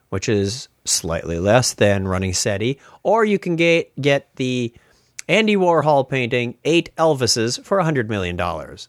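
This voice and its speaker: A man's voice: medium pitch, no echo, clean studio sound. A man hosting a casual tech podcast, chatty and laughing as he retells funny stories. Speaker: podcast host.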